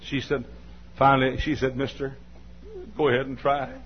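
This dull, lo-fi sermon captures an older man with a Southern American accent telling a homespun story. His medium-pitched voice moves at a moderate pace with a flat delivery, though he periodically scolds the congregation and erupts into shouts.

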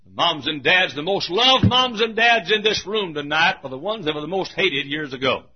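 Husky man preaching in a church, high and wildly animated delivery that shouts then drops to a hush, dull lo-fi recording. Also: normal speed, crowd noise. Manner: emphatic preaching, swinging between shouts and hushed asides. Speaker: pastor. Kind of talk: sermon.

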